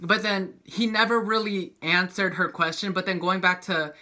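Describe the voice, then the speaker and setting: A young man casually recapping a soap opera, animated and profane, acting out the characters' lines. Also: sits high, moderate pace.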